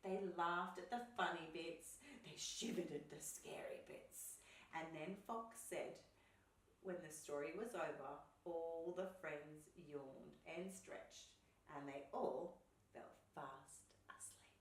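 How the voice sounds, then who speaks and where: Woman reading a picture book aloud, animated, gasps and asides, slow, roomy echo, distant mic. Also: low voice. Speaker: storyteller.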